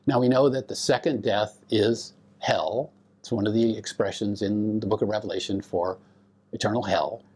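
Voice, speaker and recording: A man teaching a recorded Bible lecture, speaking deliberately and asking his listeners rhetorical questions. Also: medium pitch, darkish tone. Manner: explains Greek grammar to students.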